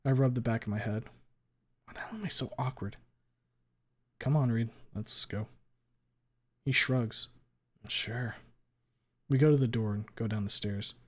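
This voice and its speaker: A man reading a fan story aloud on a stream, expressive, with small stumbles. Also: medium pitch, a little fast.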